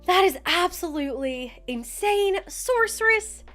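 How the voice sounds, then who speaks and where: A woman's voice: very high-pitched, expressive, a little slow, a bit bright. A young woman hosting a livestream, chatting casually and giggling as she greets viewers by name. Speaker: livestream host. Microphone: desk mic with headphones.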